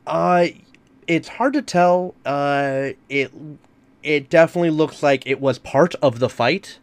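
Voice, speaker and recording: A man's voice: on the high side, unhurried, clean tone, dry recording. A man running a tabletop game as game master, hesitant and improvising with many fillers.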